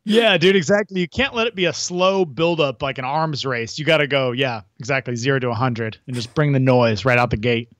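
A man's voice: mid-range voice, brisk, few pauses, a bit bright, dry recording. A man co-hosting a casual podcast chat in an easygoing way, saying "dude" often. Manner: easygoing, says "dude" a lot.

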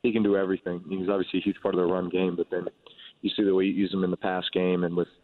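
Middle-aged man, low-set voice, halting phone-in guest, dry tinny line. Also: flat delivery, no echo. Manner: halting, many restarts and fillers. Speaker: quarterback guest. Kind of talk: casual radio phone interview.

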